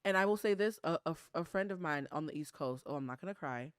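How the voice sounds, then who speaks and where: Fast-talking outspoken woman. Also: deep voice, lively intonation, smooth, no room sound, studio quality. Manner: earnest and outspoken, with casual swearing. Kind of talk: candid conversational interview.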